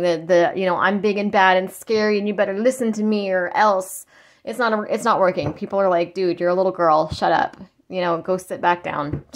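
A woman tarot reader channeling in a casual, rambling way, blunt and given to swearing. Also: mid-range voice. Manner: rambling, blunt, swears, mocks in quoted voices. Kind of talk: casual spiritual channeling talk.

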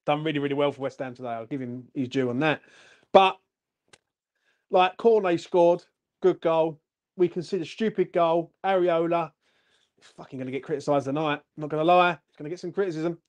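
A young man, fuming and blunt as he hosts a post-match fan stream. His voice sits a touch high, and the swearing never lets up. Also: fairly quick. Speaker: fan channel host. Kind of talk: angry post-match livestream rant.

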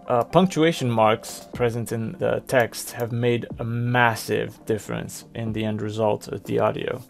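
Male tutorial presenter, gravelly mid-pitched voice, explains each click plainly, faint music underneath. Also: darkish tone. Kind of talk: screen-recorded software walkthrough.

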